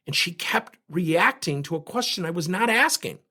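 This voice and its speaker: A middle-aged man delivers a solo coaching podcast with lively, swooping intonation. His voice sits a touch high for a man and carries a husky grain. He hammers his points home with emphasis. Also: moderate pace. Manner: animated, emphatic, acts out quoted dialogue. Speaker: podcast host and leadership coach.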